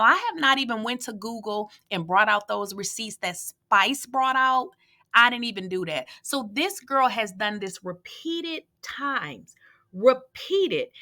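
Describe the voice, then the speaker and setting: A woman's voice: fairly high pitch, bright, forceful tone. A woman gossip blogger giving blunt, sassy commentary straight to her viewers from a room in her home. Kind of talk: opinionated commentary vlog.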